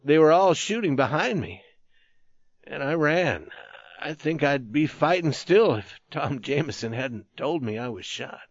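A man narrating a war story in a measured, even audiobook style. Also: a little high, no echo, highs cut off.

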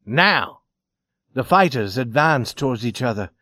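Expressive male storybook narrator. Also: medium pitch, a little slow, no room sound, studio quality. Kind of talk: storybook reading.

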